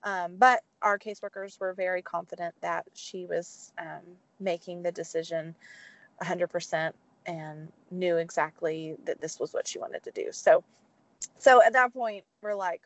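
A woman, telling a personal story in casual chat and acting out phone calls in a high voice. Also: normal speed, no room sound, highs cut off. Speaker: guest.

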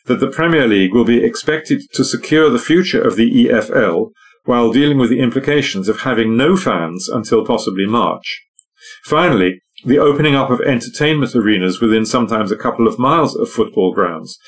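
A man reading a newspaper sports article aloud at a steady, even pace. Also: medium pitch. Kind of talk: read-aloud news article.

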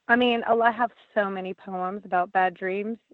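A woman's voice: medium pitch, fairly even intonation, a little slow, no room sound. A woman who writes a band's lyrics, talking casually in an interview, blunt and swearing freely, with lots of fillers. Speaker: band lyricist and singer. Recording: tinny phone-like line, dry.

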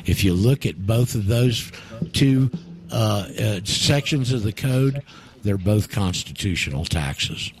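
A man's voice: lowish voice, expressive, slow. A man hosting a call-in radio show, telling a story in a rambling way with many fillers and restarts. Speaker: radio host.

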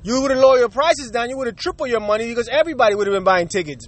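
Angry ranting man with a high voice. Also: animated, fast talker, hardly any pauses. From Puerto Rico. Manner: profane and heated, talks straight at listeners. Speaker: podcast host. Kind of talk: angry rant.

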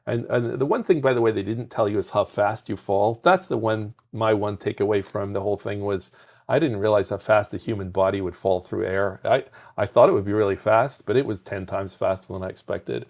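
Gravelly man telling lively stories. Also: fairly low pitch, brisk. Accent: softened foreign accent. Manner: animated anecdotes, repeats words when starting sentences. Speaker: podcast guest, game industry founder. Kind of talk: conversational storytelling.

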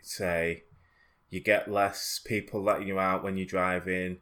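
A man with a fairly low voice teases his co-host in dry, deadpan banter on a casual podcast. He keeps his tone flat and unbothered while he needles his friend. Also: unhurried. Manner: dry, teasing humour.

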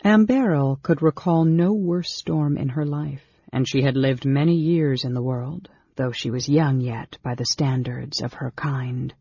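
Man reading a fantasy audiobook, gravelly husky voice, steady pace, dull dry lo-fi sound. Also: medium pitch, a little slow, few pauses, no room sound. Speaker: audiobook narrator. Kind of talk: scripted narration.

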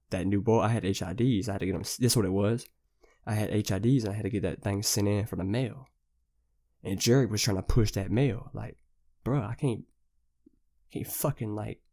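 Young male podcast host with a lowish voice, rambling and profane, heavy on slang. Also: mellow. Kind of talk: casual storytelling.

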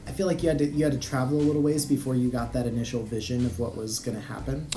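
A man's voice: mid-range voice, fairly even intonation, rapid-fire, dark tone, faint music behind. A man co-hosting a podcast, chatting casually about a video game and talking in a hesitant way with many restarts. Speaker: podcast co-host.

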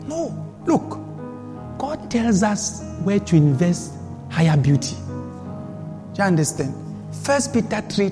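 A man delivers a sermon in a strikingly high, lively voice with some vocal fry, hammering his points through repetition and rhetorical questions. The hall carries a long reverb, and faint music plays beneath him.

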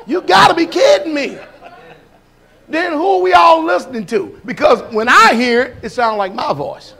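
A man preaching a sermon, animated, shouting and laughing, acting out voices. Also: very high voice, moderate pace, creaky.

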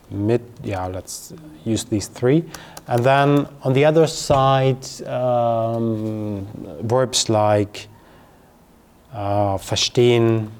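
A man teaching grammar to a learner, explaining patiently with fillers and slow, careful pronunciation examples. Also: fairly low pitch, darkish tone, clean tone. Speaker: German teacher.

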